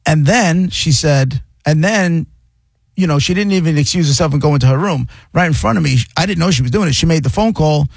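A middle-aged man hosting a radio talk show, reading headlines aloud and riffing on them in animated casual chat. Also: on the high side, a little fast, gravelly, slightly rough, dry recording.

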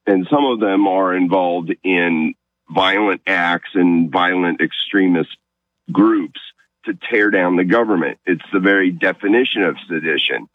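A man's voice: sits low, unhurried, no echo. A man calling a radio show, making his point earnestly and insistently. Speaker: caller. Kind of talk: call-in radio conversation. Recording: phone line.

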